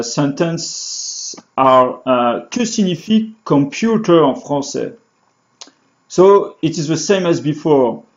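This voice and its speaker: A man in a beginner lesson talks very slowly, often stalling on fillers and restarting his sentences. His voice sits a little high for a man. The recording is dull and lo-fi. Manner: halting, many fillers and restarts. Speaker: French teacher. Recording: dull lo-fi sound.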